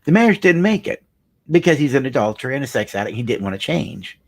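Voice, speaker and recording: Speaking quickly with big swings in pitch, the counselor tells a story about a client in his mid-range voice. He's earnest and emphatic throughout, repeating phrases for weight.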